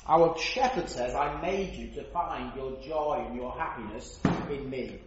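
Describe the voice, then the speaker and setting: A man's voice: medium pitch, measured pace, heavy background noise. A man preaching an earnest sermon, stressing his points and asking rhetorical questions. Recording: roomy, dull church recording.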